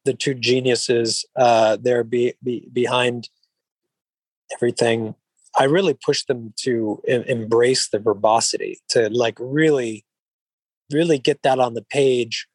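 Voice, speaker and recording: A man, an actor being interviewed, who talks in an even-keeled, mellow way, rambling with frequent restarts and filler phrases. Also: mid-range voice, no echo, low-quality recording. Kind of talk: relaxed interview conversation.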